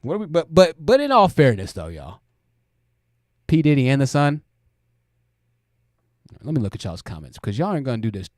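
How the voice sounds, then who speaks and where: A man's voice: mid-range voice, very animated, moderate pace, pauses often, a little mellow, dry recording, studio quality. A man hosting a livestream, giving blunt commentary and talking straight to his chat. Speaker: host.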